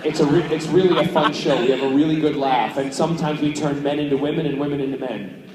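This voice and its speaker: A man's voice: a little high, fast, recorded from a distance, very noisy. A man answering fan questions at a convention panel in a playful, chatty way, laughing often. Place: large convention hall. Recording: echoey hall, picked up from afar.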